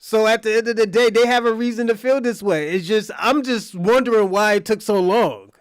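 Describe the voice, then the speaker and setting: A man's voice: sits high, brisk, clear, resonant tone, no room sound, clean studio sound. A man hosting a livestream, reacting to clips in blunt, profane casual talk.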